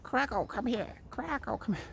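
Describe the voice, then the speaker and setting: A man putting on a shrill witchy dog-walker woman. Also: animated, normal speed, gravelly, fairly bright tone, a little hiss or hum, exaggerated voice. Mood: cackling. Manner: shrill sing-song calling. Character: dog-walking woman calling her dog in a witchy cackle.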